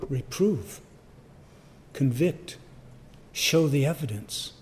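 A man's voice: mid-range voice, lively intonation, slow pace. An older man preaching a sermon, telling a personal story in a conversational way. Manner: storytelling, conversational, acts out voices. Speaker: pastor.

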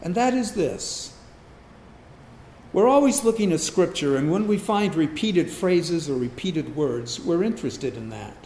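A male pastor delivers a sermon in a church, his voice fairly high for a man and swinging widely in pitch as he works through his points. He poses rhetorical questions to the congregation and leans on repeated key words. The recording is echoey, with a faint hum of room ambience behind him. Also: animated, a little slow, a little mellow.

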